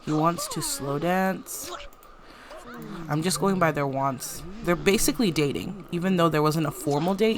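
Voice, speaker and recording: Giggly woman chatting over gameplay. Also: low voice. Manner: chatty, giggly, narrates characters' lines in quick playful voices. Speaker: gameplay commentator. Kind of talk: casual let's-play commentary.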